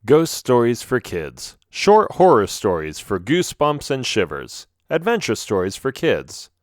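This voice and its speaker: Reading a children's ghost story aloud, this male narrator tells it with expressive storytelling flair in a mid-range voice at a measured pace. It's scripted narration with clean studio sound and no audible room.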